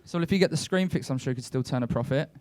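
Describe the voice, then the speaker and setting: A young man doing a stand-up comedy set on a club stage, telling his stories deadpan and breaking into shouted rants. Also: medium pitch, racing. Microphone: handheld stage mic.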